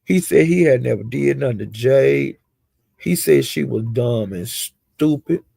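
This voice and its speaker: A man giving a casual, rambling gossip recap of livestreams, with animated retelling and frequent asides. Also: medium pitch, a little slow, gravelly, breathy edge, no room sound.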